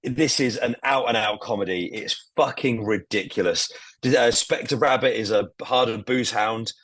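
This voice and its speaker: A man's voice: mid-range voice, normal speed, fairly bright tone, no echo. A man co-hosting a podcast, enthusiastically recounting a comedy show and swearing freely. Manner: enthusiastic, swearing, acting out scenes. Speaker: podcast co-host. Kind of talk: casual podcast chat.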